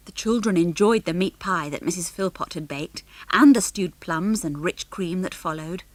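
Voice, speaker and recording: A woman narrating an audiobook with clear, measured storytelling into a close studio microphone. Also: on the low side, no echo. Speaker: audiobook reader. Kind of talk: scripted narration.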